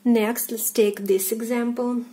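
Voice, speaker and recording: Slow, husky Russian-accented woman teaching. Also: on the high side, level tone, dark tone. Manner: patient, repeats words slowly, hesitant fillers. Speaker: language teacher. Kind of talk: pronunciation lesson.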